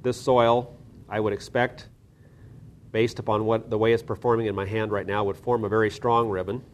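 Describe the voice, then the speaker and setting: A man with a fairly low voice teaches a hands-on lab demonstration. He works through each step methodically, pausing and restarting now and then. A faint low rumble sits under the recording. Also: little pitch movement, highs cut off. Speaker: soil science instructor.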